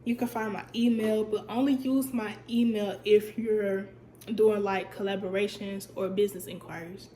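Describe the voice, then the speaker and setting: A woman's voice: mid-range voice, normal speed, echoey room, a little hiss or hum. A young woman telling a storytime on her vlog, chatty and emphatic, her voice a bit stuffy and cutting in and out. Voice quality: voice sounds stuffy, cuts in and out. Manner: chatty, animated, emphatic repetition. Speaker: vlogger.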